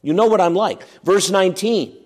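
A man preaching an expository sermon as pastor, emphatic and animated, acting out objections and dropping to quiet asides. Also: high-pitched, normal speed. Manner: animated, emphatic, swings between loud and quiet; acts out quoted objections.

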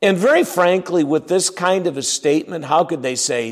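A man's voice: fairly high pitch, moderate pace. A man preaching an expository sermon, emphatic and often repeating his words as he acts out the scripture scenes.

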